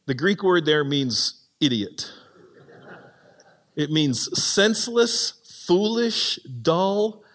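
A man with a high voice preaches a sermon in a church, and his words ring out with a long hall reverb. He talks in an animated way and acts out the voices of the people he quotes. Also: drawn-out words. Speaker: pastor.

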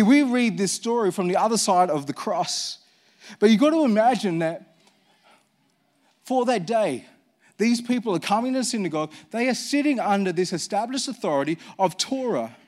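Animated, high-pitched male preacher. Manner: animated, emphatic, repeats phrases for effect, drops low for scripture; reads scripture aloud. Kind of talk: sermon.

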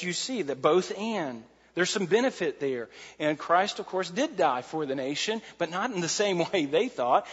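A man preaching a sermon as pastor, animated and repeating key phrases for emphasis. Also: a little high, breathy edge. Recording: muffled sound in a large reverberant hall.

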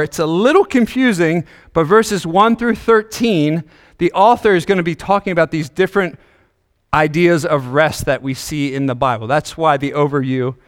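A man's voice: on the high side, a bit bright, long reverb tail. A male pastor preaching a sermon, asking the congregation questions, a little out of breath. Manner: engaging, asks the congregation questions.

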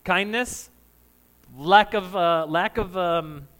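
A man with a fairly high voice preaching a sermon, loud by his own account. He talks to the congregation in a casual, conversational way. He jokes with them and laughs along. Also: slow pace. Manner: says of himself that he is loud. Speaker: pastor.

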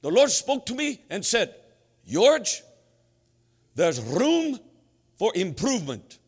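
A man voicing an old, fervent fisherman preacher with a Norwegian accent and a high, strained voice, proclaiming with drawn-out emphasis. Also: huge pitch swings, slightly rough, heavily acted. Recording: reverberant church hall with faint music.

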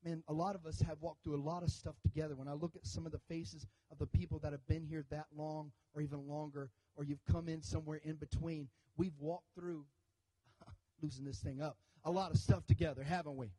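A man's voice: a little high, fairly quick, poor audio. A man preaching a sermon to his church, telling a story with jokes and calls for the congregation to answer. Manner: animated storytelling with jokes and audience call-outs. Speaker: pastor.

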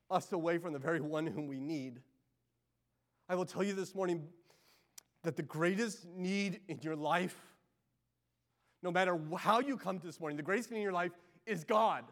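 Impassioned high-voiced male preacher. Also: normal speed, long pauses. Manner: impassioned, swings from loud pleading to hushed intimacy. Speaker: pastor. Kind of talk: sermon.

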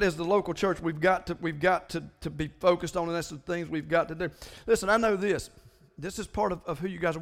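A man preaching a sermon as pastor, animated, often repeating words in quick bursts. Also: fairly high pitch. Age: older than most listeners.

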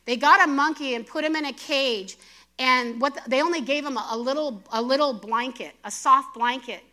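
A middle-aged woman preaching a sermon, animated and emphatic, asking the audience questions. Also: high-pitched, moderate pace.

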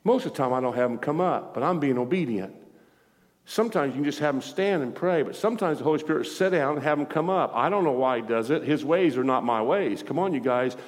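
A male pastor preaching in a church, telling a healing story with lively, acted-out dialogue and frequent laughter. His mid-pitched voice rings out with a long reverb trailing behind it. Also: fast talker. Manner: animated, acts out dialogue, laughs often. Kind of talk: sermon storytelling.

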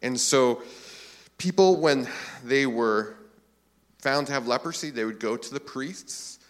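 A man preaching a sermon as a pastor, relaxed and conversational, with frequent filler phrases. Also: medium pitch, a little slow.

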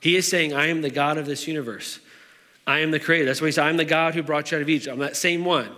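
A man's voice: on the high side, steady tone, fast talker, pushed and bright, in a large hall. A man preaching a sermon in a church, talking in a conversational way with fillers and restarts. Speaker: pastor.

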